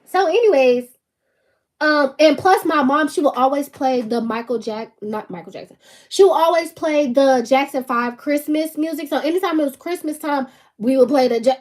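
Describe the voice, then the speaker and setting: A woman, hosting her own channel and talking casually and emphatically to camera, laughing often. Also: sits high. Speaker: channel host.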